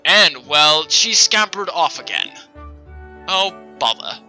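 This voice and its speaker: A polite young academy student from a fantasy video game, fretting and apologetic, read aloud by a man. His voice is bright, with a lively pitch. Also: takes it slowly, faint music behind, exaggerated voice.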